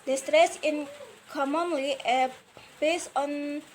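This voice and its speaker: Young Indonesian-accented woman student, high voice, hesitant class talk. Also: fairly even intonation, darkish tone, a little hiss or hum. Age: young adult. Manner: halting, frequent hesitations and restarts. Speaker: university student. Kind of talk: recorded class presentation.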